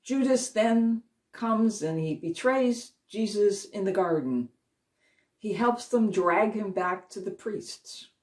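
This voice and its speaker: A woman's voice: medium pitch, lively intonation, a little mellow. Earnest woman retelling scripture, slightly distant. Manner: earnest retelling, slows for emphasis. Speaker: Christian speaker. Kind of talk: storytelling devotional talk. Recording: voice a little distant from the mic.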